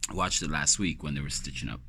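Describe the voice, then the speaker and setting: A man's voice: a bass voice, fast, gravelly, bright, forceful tone, slight background noise. A man, rambling casually to the camera as a vlogger and joking as he tells stories. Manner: loose, joking storyteller who acts out quoted voices.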